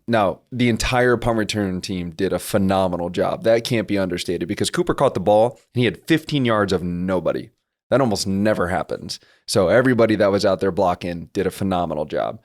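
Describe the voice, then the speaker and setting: Young guy on a sports podcast, really low voice, walks through football rules step by step. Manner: explanatory, breaks down football plays and rules. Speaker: podcast co-host. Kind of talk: casual sports podcast chat.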